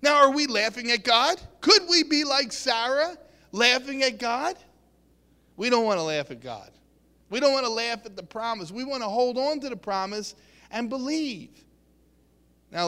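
High bright-voiced preacher in a hall. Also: male voice, expressive, moderate pace. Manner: earnest, acts out quotes, many restarts. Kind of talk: sermon.

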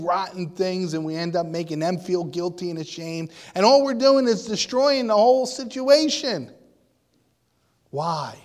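High-voiced man preaching in a reverberant hall. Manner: emphatic, rising and falling, asks the congregation questions. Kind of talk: sermon.

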